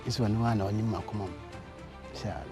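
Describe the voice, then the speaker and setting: A man's voice: lowish voice, fairly even intonation, quick pace, music in the background. A man, the student's father, talks in an interview and laughs often between his words. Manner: laughs often while talking. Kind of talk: interview in a local language.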